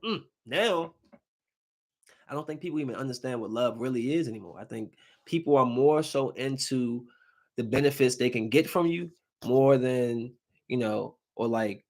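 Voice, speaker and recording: A podcast host delivers a comedic monologue at a moderate pace, swinging between loud outbursts and low, muttered asides.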